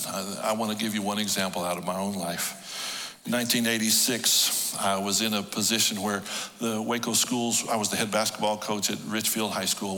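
A middle-aged male pastor preaching a sermon, telling stories with emotion that swings from hushed to loud. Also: on the low side, long reverb tail. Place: church hall.

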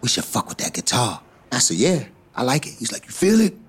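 A middle-aged man telling a story casually, profane and animated, acting out other people's voices. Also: mid-range voice, brisk, slightly rough. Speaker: hip hop artist. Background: music.

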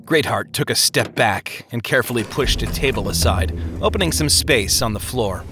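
A man reading a story aloud as narrator, with an expressive delivery. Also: mid-range voice, normal speed, music in the background.

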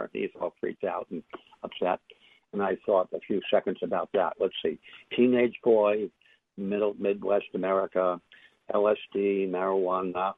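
Deep, gravelly older man over a tinny phone line. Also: no echo. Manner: reflective, halting with many fillers and restarts. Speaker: interview guest, author. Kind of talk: casual storytelling interview.

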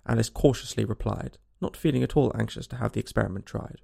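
A man reads a storybook aloud with a strong gravelly rasp in his voice. His pitch moves widely and expressively through the narration, animated and full of life. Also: fast. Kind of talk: storybook reading.

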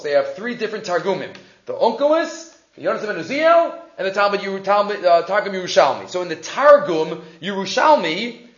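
A man giving a Torah class, explaining Hebrew and Aramaic texts in English with rhetorical questions. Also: high voice. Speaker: Torah teacher. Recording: echoey muffled room recording.

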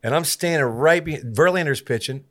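A man hosting a casual interview, playfully prodding his guest with quick questions. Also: a little high, a bit bright. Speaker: podcast host.

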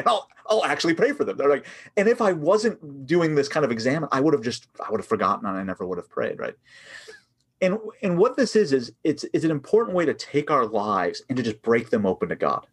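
Male author guest, husky, animated delivery, acts out prayers mid-chat. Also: on the high side, a little fast. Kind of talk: casual podcast conversation on prayer.

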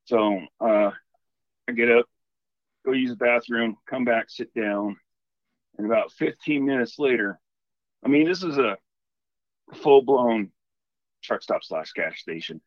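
A man calling in to tell a story in a casual, animated, rambling way. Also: mid-range voice, measured pace, long pauses, dry recording, muffled recording. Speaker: caller telling a ghost story.

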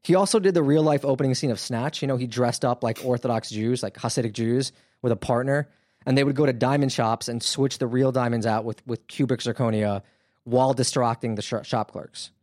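A man's voice: mid-range voice, brisk, darkish tone, no room sound, clean studio sound. A man hosting a podcast, telling a crime story in a casual, wry, conversational way with lots of fillers. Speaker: podcast host.

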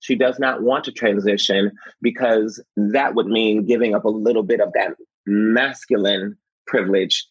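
A male actor talking in an interview, expressive and animated, laughing often and acting out quotes. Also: on the low side, normal speed, breathy edge, no room sound. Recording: slightly muffled, dry.

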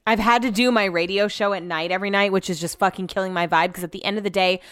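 A woman's voice: mid-range voice, steady tone, fast, fairly bright tone, smooth, no room sound, studio quality. A young adult woman, a radio show host, telling rambling everyday stories in a casual chat, cursing freely as she goes. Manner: rambling, profane storytelling.

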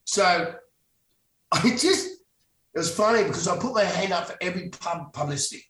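A man's voice: sits high, lively intonation, moderate pace, sharp tone, a little hiss or hum. A middle-aged man from Australia, a guest telling stories in a casual interview, rambling with many restarts and self-corrections. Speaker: guest, actor. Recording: roomy echo, distant mic.

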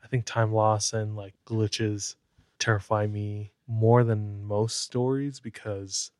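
A man's voice: on the low side, level tone, slow pace, a little mellow, no room sound. A man co-hosting a podcast, talking hesitantly and searching for words in a casual chat. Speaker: podcast co-host.

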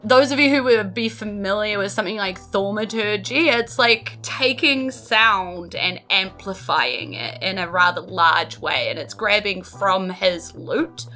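Woman running a tabletop game, bright voice, chatty, faint music behind. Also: mid-range voice, measured pace, few pauses. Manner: chatty, descriptive with many fillers. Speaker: game master.

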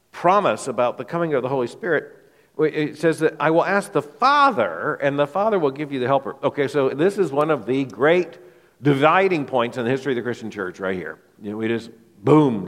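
A male pastor preaching an expository sermon to his congregation, emphatic, often repeating words as he thinks aloud. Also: mid-range voice. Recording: long hall reverb.

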